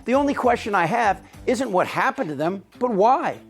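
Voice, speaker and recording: A man's voice: high voice, expressive, moderate pace, soft background music. A man hosting a political commentary show, delivering a scripted, biting, sarcastic monologue.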